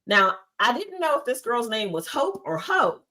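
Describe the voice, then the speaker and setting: A woman panelist giving her opinion in a measured, storytelling way. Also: fairly high pitch, very animated, bright, forceful tone. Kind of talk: casual panel talk.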